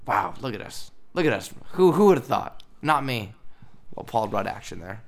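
A man's voice: mid-range voice, sing-song, moderate pace. Hyped young man rambling on a podcast. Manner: hyped, rambling, laughs often. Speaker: podcast host. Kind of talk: casual podcast chat.

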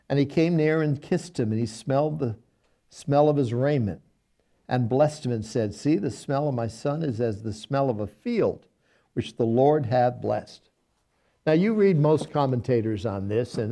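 Male pastor, dark mellow tone, reads scripture, then explains it in plain folksy talk. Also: medium pitch, lively intonation, moderate pace, vocal fry. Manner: reads scripture aloud, then paraphrases it in folksy everyday speech. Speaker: pastor teaching Bible study. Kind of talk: Bible study teaching.

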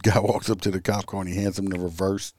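A man telling police stories in a relaxed, casual chat. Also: low-pitched, quick pace, background noise.

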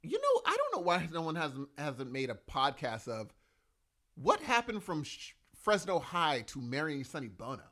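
Dude co-hosting a podcast, bright voice, pitch bounces around, real eager. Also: male voice, huge pitch swings, moderate pace. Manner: enthusiastic, says dude a lot. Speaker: podcast co-host. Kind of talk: casual chat.

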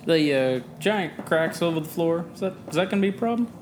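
A man's voice: fairly high pitch, expressive, fairly quick, slight background noise. A man playing a tabletop game, asking questions and making dry remarks. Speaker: player. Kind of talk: casual tabletop banter.

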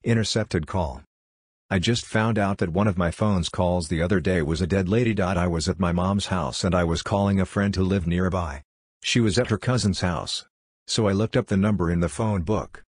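A man with a very low, husky voice reads short ghost stories aloud. He keeps a steady, even storytelling pace. The recording is dry and close, with no room sound. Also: moderate pace, no room sound. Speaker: narrator.

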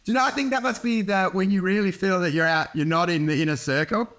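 A man's voice: sits high, fast talker, a bit bright. A man, a comedian rambling through a casual podcast chat, laughing often and swearing freely.

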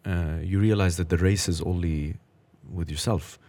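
Low-voiced reflective man in his thirties. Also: fairly even intonation, darkish tone. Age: 30s. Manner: halting, reflective, many fillers. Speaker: podcast host. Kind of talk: casual conversation.

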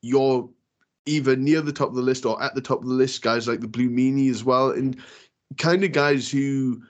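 A man interviewing a guest in an ordinary, mid-range voice. He fumbles through his questions with pauses and false starts, and keeps things relaxed. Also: mid-range voice, highs cut off. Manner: hesitant, many fillers and restarts. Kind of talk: casual interview.

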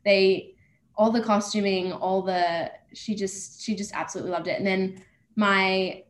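A woman's voice: medium pitch, fairly even intonation, a little slow. Bubbly young woman, echoey room. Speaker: actor guest. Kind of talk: casual interview chat. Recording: echoey room with faint noise.

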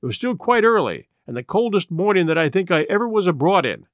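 A man narrating an adventure novel in expressive scripted storytelling. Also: high voice, fast talker, no echo, studio quality. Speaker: audiobook narrator.

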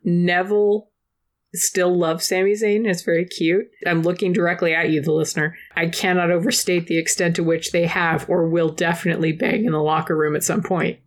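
A woman's voice: on the low side, level tone, fairly quick. A woman hosting a podcast, recapping with sardonic, profane asides. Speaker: podcast host. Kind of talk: casual chat and recap.

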